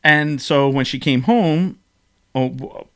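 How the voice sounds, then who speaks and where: A man's voice: mid-range voice, takes it slowly, fairly bright tone. A man hosting a podcast, telling stories in an emotional, rambling casual chat. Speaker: podcast host.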